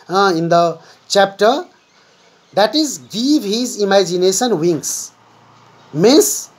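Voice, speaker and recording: A woman English teacher walks through a vocabulary lesson at an unhurried, deliberate pace. Her voice is husky and a little breathy, and she patiently repeats each key word as she explains it. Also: medium pitch.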